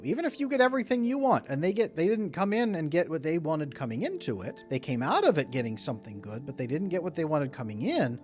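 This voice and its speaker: Animated man, lively talk. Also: mid-range voice. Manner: animated, acts out both partners in mock dialogue. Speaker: relationship coach. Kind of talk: solo talk to camera.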